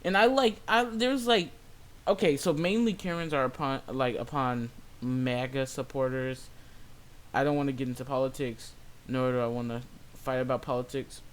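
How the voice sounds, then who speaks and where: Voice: medium pitch, moderate pace. A young adult retail worker telling a story in a casual, exasperated rant full of swearing. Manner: profane, exasperated, lively.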